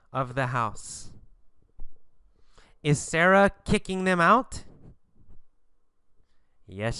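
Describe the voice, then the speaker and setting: A man's voice: fairly high pitch, clean tone, dry recording. A man teaching an English lesson through questions and answers about a story, speaking emphatically. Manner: slow, emphatic teacher delivery with lively intonation.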